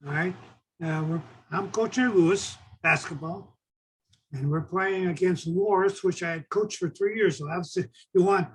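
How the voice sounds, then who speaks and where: A man's voice: high voice, moderate pace, slight background noise, rough recording. An older man, a former coach, tells a coaching story in a conversation and keeps checking in with "okay". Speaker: former assistant coach, guest.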